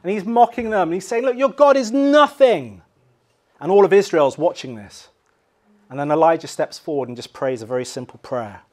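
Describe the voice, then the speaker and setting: A man with an English accent preaches a little fast, over a slight hiss or hum. His sermon swings from loud, acted cries down to quiet, low stress.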